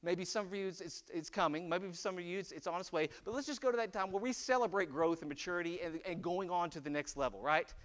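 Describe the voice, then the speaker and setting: A man in his forties preaching a conversational sermon, chatty and animated, often asking "right?". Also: high voice, quick pace, hardly any pauses. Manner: animated and chatty, with rhetorical "right?" and frequent laughs. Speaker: pastor.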